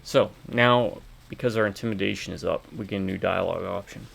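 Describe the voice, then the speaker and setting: A man with a nasal, whiny voice giving relaxed, casual commentary while playing a video game. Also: low-pitched, a little fast, gravelly. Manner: relaxed, thinking aloud with fillers. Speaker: let's play host. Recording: noisy home recording with keyboard typing.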